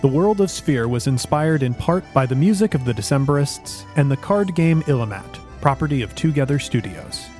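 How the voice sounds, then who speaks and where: Man reading podcast credits, lively. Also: mid-range voice. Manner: steady announcer-like credit reading; joking, laughing in banter. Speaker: host and game master. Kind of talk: reading end credits, then casual banter.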